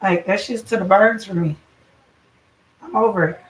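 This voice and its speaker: Speaking at a normal pace in a mid-range voice, this woman runs a relaxed home cooking livestream from her kitchen, where she's a mom chatting directly and a bit saltily with her audience. The recording is echoey and faintly noisy, with her voice coming from some distance.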